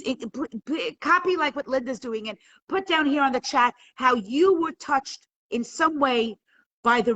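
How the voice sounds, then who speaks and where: A woman's voice: fairly high pitch, a bit bright, poor audio. Impassioned woman teaching a live class. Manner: impassioned, rising to emphatic peaks; stumbles and repeats words when moved. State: emotional. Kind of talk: live online class talk.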